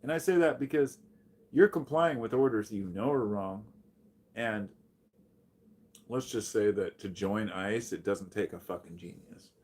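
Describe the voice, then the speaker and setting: A man's voice: fairly low pitch, measured pace. Blunt, profane man streaming commentary. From United States. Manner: blunt, profane, animated when greeting chatters. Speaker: live streamer. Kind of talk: casual livestream commentary.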